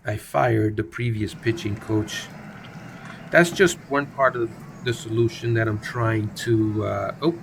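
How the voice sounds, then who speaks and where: A man's voice: fairly low pitch, slow pace, vocal fry, a little hiss or hum. A man hosting a gaming video, giving casual, playful play-by-play of a baseball simulation game. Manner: playful, jokey, chatty commentary. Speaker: gaming channel host.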